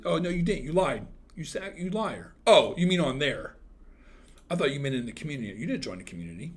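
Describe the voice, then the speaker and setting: Man, thirties, livestream host, crude teasing banter, lively bouncing pitch, slightly high voice. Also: fairly quick, husky. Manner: crude, teasing, joking with chat; swings from loud outbursts to mumbled asides. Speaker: livestream host chatting with viewers. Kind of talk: casual livestream chat.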